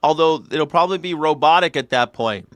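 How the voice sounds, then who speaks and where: A man's voice: fairly high pitch, fairly quick, dry recording. A man hosting a reaction show, joking and cursing through casual commentary. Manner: joking, riffs into mock old-man voices. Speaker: news reaction show host.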